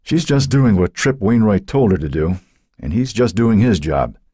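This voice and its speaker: A man's voice: fairly low pitch, expressive, moderate pace, dark tone, husky, no echo, studio quality. A man voicing a bitter, world-weary male investigator in an audiobook. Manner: bitter, curt.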